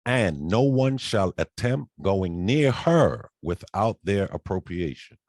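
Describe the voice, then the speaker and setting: A man in a group call reading treaty articles aloud, halting over some words. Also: low voice, sing-song, darkish tone, dry recording.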